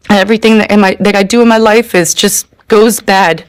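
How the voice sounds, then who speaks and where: A woman's voice: mid-range voice, steady tone, no room sound. A woman giving an earnest, emotional personal testimony. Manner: earnest, emotional, slow in places. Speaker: testimony speaker.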